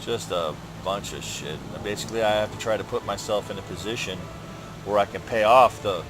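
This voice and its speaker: A man's voice: on the low side, a little fast, background noise. A man hosting a gaming channel, rambling through a personal update while he plays, swearing often and ranting with frustration.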